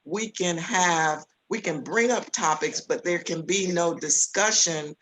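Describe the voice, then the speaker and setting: A woman's voice: lowish voice, a little slow, a bit bright, slight background noise, rough recording. A woman commissioner at a public board meeting, raising careful procedural questions.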